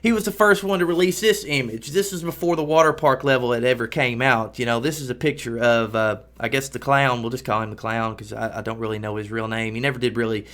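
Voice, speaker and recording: A man's voice: mid-range voice, steady tone, quick pace, hardly any pauses, fairly bright tone. A man hosting a show who tells a story in a mock-serious, rambling, hesitant way with playful exaggeration. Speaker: show host.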